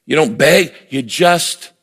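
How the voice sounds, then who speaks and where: A male pastor preaches with a gravelly, slightly high voice, pushing his points with emphatic swings in pitch. His words ring out in a large hall with a long reverb tail. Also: expressive, takes it slowly, a bit bright. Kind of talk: sermon.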